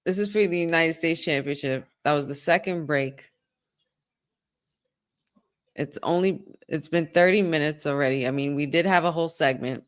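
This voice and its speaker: A woman hosting a live watch-along stream, reacting excitedly to the action and talking to her viewers. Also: deep voice, normal speed, clean tone.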